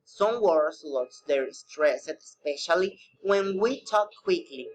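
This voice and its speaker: A man teaching a recorded English pronunciation lesson, reading slowly with non-native phrasing. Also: a little high, animated, rough recording.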